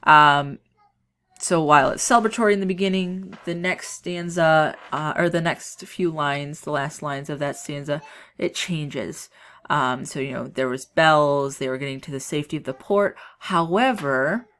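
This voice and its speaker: A young woman teaching an English lesson with a low-pitched voice. She explains a poem casually, full of ums and restarts as she thinks aloud. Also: steady tone, moderate pace, fairly bright tone. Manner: chatty, filler-heavy explaining with frequent restarts. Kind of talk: recorded class lesson on a poem.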